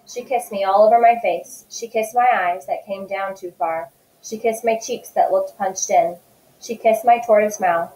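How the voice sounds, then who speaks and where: A woman teacher reading a children's novel aloud in a calm, steady way. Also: mid-range voice, normal speed. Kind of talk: read-aloud book narration. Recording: echoey room.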